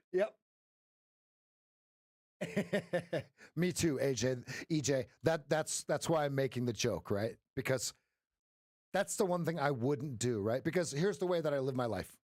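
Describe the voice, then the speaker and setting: A man hosts a live trading stream in a loose, joking way, laughing often between remarks to his viewers. His voice sits a little high for a man. The sound is close and dry, with no room echo. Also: expressive, slow pace, pauses often, a little mellow. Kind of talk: casual live-stream chat.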